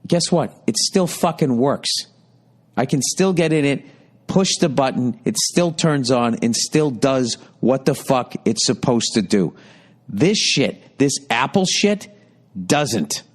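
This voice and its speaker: A man's voice: medium pitch, slow. A man with a Boston accent in his fifties, hosting a podcast and telling a profane, ranting, self-mocking story. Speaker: podcast host. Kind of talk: rambling comedic storytelling.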